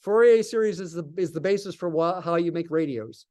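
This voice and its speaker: Man, math lecturer, slightly high voice, live classroom lecture, thinks aloud, answers his own questions. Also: brisk, a little mellow.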